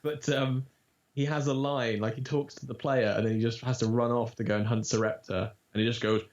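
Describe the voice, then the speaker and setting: A man who works as a voice actor, talking casually in an interview and telling animated stories, with quick demo voices. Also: mid-range voice. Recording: dull lo-fi audio.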